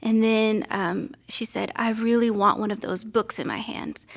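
Lively woman telling a story. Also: on the high side, measured pace, creaky. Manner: lively, animated storyteller acting out quotes. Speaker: missionary guest. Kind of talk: casual conversation, storytelling.

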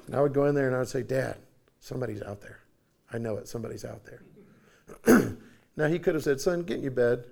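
A man in his forties preaching a sermon in a folksy, animated storytelling way, often repeating himself for emphasis. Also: medium pitch. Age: 40s.

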